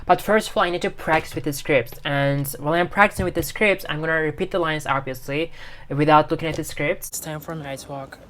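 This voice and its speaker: A woman's voice: sits low, steady tone, brisk, a bit bright. A woman talking casually in a vlog as an English learner, leaning on fillers and restarts and repeating lines aloud to practice.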